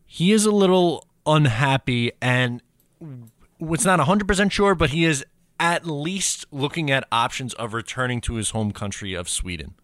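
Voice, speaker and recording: A man's voice: medium pitch, moderate pace, a bit bright, no echo, studio quality. A man co-hosting a casual sports podcast, steadily explaining and moving each segment along. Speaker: podcast co-host.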